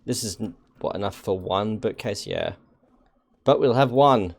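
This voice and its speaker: A man streaming a game and chatting casually with viewers, dry and wry, with halting restarts. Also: fairly low pitch, animated, creaky. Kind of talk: casual live-stream chat while gaming.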